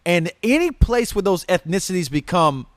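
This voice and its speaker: A man's voice: sits high, normal speed, dry recording, studio quality. Earnest male podcast co-host in his thirties. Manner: excitable, laughing, earnest when explaining. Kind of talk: casual livestream chat.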